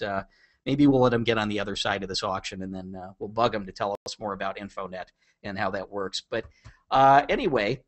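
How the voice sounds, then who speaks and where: A man's voice: mid-range voice, a bit bright. Chatty man hosting a car podcast. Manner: chatty, jokey, teases co-host. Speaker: podcast host. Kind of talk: casual podcast chat.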